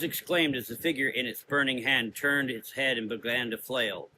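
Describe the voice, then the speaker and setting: Male narrator, mid pitch, bright timbre, steady gothic horror storytelling. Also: moderate pace, a little hiss or hum, low-quality recording. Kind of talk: dramatic audio drama narration.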